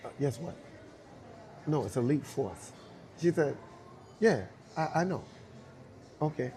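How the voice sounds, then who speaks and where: A middle-aged man, a dancer telling a lively story and acting out the voices of the people in it. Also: mid-range voice, slow. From Brooklyn, New York. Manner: acts out both sides of dialogue, laughing often. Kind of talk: animated storytelling.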